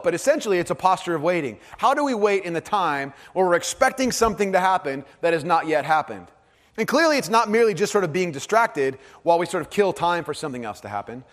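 A man preaching a sermon to a live congregation, conversational in tone, dropping to soft, low emphasis on key phrases. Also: very animated, fast talker. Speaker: pastor. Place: large hall with audience. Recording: long hall reverb.

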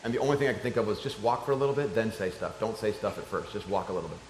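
A middle-aged man preaching a sermon, telling a story and swinging between loud excited shouts and soft hushed tones. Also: lowish voice, racing, a little hiss or hum. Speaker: pastor. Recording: echoey room with faint ambience.

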